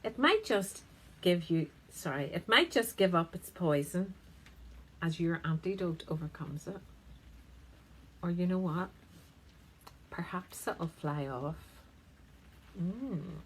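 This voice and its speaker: A woman therapist talks straight to the viewer in a conversational, emphatic way with a gentle teasing edge. Her voice sits on the low side yet rises and falls in wide, lively swings. Faint background noise is in the room. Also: unhurried, long pauses, rough recording. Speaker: integrative therapist. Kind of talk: self-help talk to camera.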